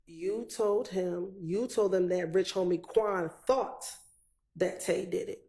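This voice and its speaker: A woman prosecutor questioning a witness in a courtroom, methodical and measured. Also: fairly low pitch, gravelly, mellow.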